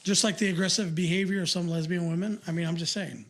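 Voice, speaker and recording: A man's voice: high voice, steady tone, quick pace, fairly bright tone. An older man co-hosting a podcast, chatting casually and rambling with lots of fillers and restarts. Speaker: podcast co-host.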